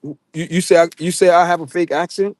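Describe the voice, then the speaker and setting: Jamaican male livestream host, slightly high voice, dry close sound, talks to his chat with stumbling repeats. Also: fairly even intonation, fast, a little mellow, no room sound. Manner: talks straight to his chat viewers, stammers and repeats words.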